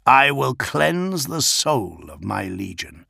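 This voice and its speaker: A man voicing a slow, menacing warrior-priest. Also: mid-range voice, very animated, gravelly, sharp tone, slightly rough, dry recording, clean studio sound, full character voice. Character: stern scheming male warrior-priest.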